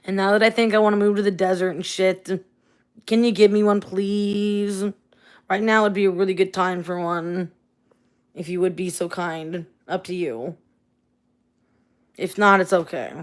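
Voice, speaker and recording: A woman's voice: medium pitch, steady tone, normal speed, long pauses. Tired woman venting on a late night stream, cursing a lot, just talking at her phone. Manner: angry, swearing, venting. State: tired, up at four in the morning. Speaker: livestreamer. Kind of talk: late-night livestream rant.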